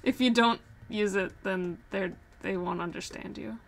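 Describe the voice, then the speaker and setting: Female streamer, casual chatter, mid pitch, light background noise. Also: moderate pace, gravelly. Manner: chatty, laughs often, animated when telling stories. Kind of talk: casual chat while drawing on stream.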